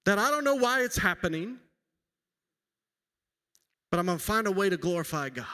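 A man's voice: high voice, sing-song, normal speed, long pauses, pushed and bright. A man in his forties preaching a sermon in a church, talking in a conversational, self-deprecating way and weaving in personal stories. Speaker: pastor. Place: church sanctuary. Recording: long hall reverb.

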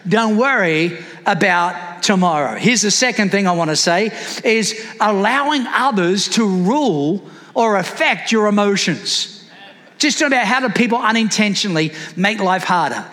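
A man's voice: sits high, expressive, normal speed, sharp tone, big-room sound. A man preaching a sermon as a pastor, calling out to the congregation with rising fervor.

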